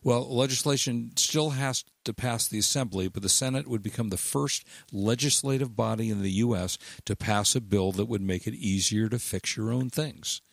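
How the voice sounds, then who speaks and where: A man's voice: mid-range voice, normal speed, gravelly, hardly any pauses, no room sound. A man co-hosting a tech radio show in easygoing casual chat, rambling a little with restarts. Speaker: co-host.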